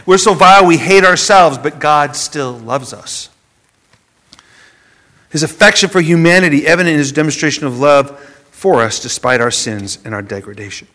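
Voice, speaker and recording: A man preaching a sermon, dropping from loud emphasis to a hushed near-whisper and often repeating words as he goes. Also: on the high side, normal speed. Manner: repeats words as he searches for phrasing.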